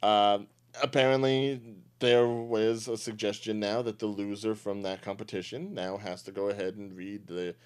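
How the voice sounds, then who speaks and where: A man's voice: on the low side, flat delivery, moderate pace, smooth. A man hosting a casual podcast chat, joking and rambling as he talks. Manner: joking, rambling, chuckles often. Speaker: podcast host.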